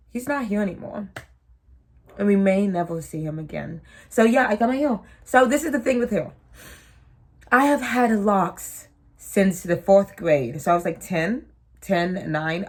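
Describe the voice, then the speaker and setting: A woman in her twenties chatting casually to the camera, rambling and joking at her own expense. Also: mid-range voice. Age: 20s. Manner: chatty, self-mocking, trails off into asides. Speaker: vlogger.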